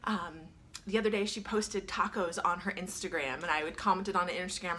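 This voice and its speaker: A woman's voice: fairly low pitch, brisk, a bit bright, slight background noise. Earnest woman radio host, near tears. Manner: earnest and emotional, fighting back tears. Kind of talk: casual on-air storytelling.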